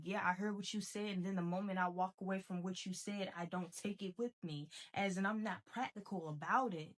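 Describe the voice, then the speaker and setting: A woman giving a motivational spiritual talk. She is emphatic and repeats herself, mixing casual slang into a preachy delivery. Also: mid-range voice. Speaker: spiritual self-help speaker. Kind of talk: motivational monologue.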